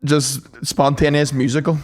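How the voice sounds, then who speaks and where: Giggly high-voiced male podcaster. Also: flat delivery, normal speed, slight background noise. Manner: giggly, laughs often, silly voices. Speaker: podcast co-host. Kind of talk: casual banter.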